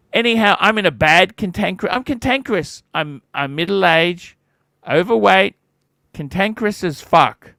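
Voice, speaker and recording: A man's voice: high-pitched, lively intonation, a little slow, vocal fry, a bit bright, no room sound. A cantankerous man in his forties, hosting a livestream and ranting with heavy profanity. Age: 40s. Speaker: livestream host.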